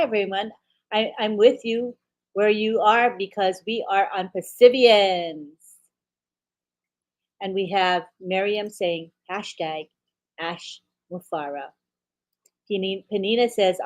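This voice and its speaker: Woman co-host, upbeat, reads viewer comments aloud one by one, mid pitch. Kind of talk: live webinar chat.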